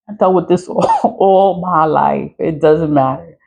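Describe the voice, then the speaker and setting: A woman's voice: low voice, a little slow, creaky, narrow, tinny audio, a little hiss or hum. A woman in her forties speaking frankly to her phone camera in a casual vlog rant, swearing and laughing often. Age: 40s. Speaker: online creator.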